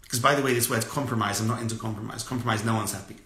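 A man giving a lively lecture as a rabbi, asking the audience questions over and over and telling stories with energy. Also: fairly low pitch, very fast, reverberant. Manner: asks repeated rhetorical questions, animated storytelling.

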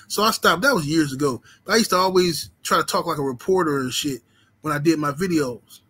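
A man's voice: on the high side, a little fast, sharp tone, breathy edge, low-quality recording. Laid-back profane boxing streamer, man. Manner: laid-back, profane street talk with lots of "you know what I'm saying". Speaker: boxing channel host. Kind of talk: casual livestream chat reading the super chat.

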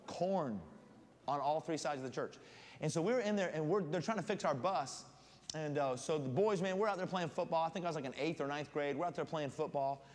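A guest preacher telling a comic story in his sermon, animated and building suspense. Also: fairly high pitch, fairly quick. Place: church sanctuary. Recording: long church reverb, faint room noise.

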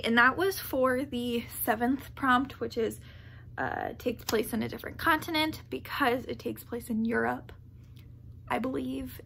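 A woman's voice: fairly high pitch, vocal fry, bright, forceful tone, a little hiss or hum. A woman chatting casually on her book vlog, rambling and gushing, laughing often and packing her talk with "like.". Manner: rambling and gushing, heavy with "like" fillers; laughs often mid-sentence. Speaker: book vlogger.

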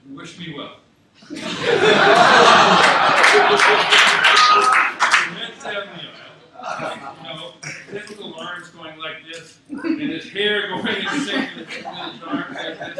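A man from Scotland tells stories at a memorial with a storyteller's ease, chuckling often. His mid-pitched voice booms around a large, very echoey theatre. The mic is far away and audience noise hangs behind him. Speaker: speaker at a memorial. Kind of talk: anecdotal memorial speech. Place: university theatre. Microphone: distant mic.

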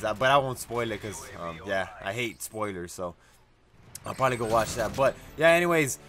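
A man's voice: medium pitch, a bit bright. A young man hosting a gaming channel, chatting casually with lots of fillers and restarts. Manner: rambling, many fillers and restarts. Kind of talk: casual chat. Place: indoors at his laptop.

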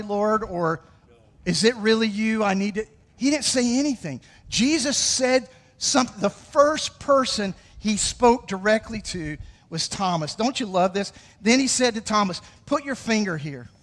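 Unhurried yet full of energy, a high-voiced pastor preaches conversationally in a church sanctuary and gets the congregation to repeat after him. His sermon rings out with a long reverb from the room.

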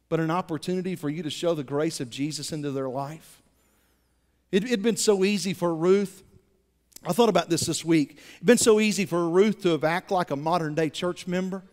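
A pastor preaches a sermon from the pulpit in a high-pitched voice at a fairly quick pace, the long reverb of a church sanctuary ringing around him. Animated, he stumbles and repeats words as he builds momentum, rising to loud emphasis on each point.

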